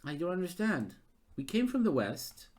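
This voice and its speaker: Animated man narrating a gamebook. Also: sits high, normal speed. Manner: thinks aloud, excitable and animated. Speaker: game master. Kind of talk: live-streamed gamebook narration.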